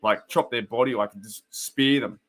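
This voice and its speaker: A man's voice: mid-range voice, fairly even intonation, moderate pace, a bit bright. A young Australian man hosting a casual fan live stream, chatting rambly with viewers and commenting on a game. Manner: rambling, chatty, laughs often, greets viewers by name.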